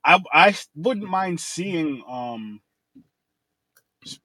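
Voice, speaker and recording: A man's voice: on the high side, animated, extremely slow, pushed and bright, dry recording, rough recording. A man hosting a horror movie review podcast in loose, profane casual chat who laughs easily.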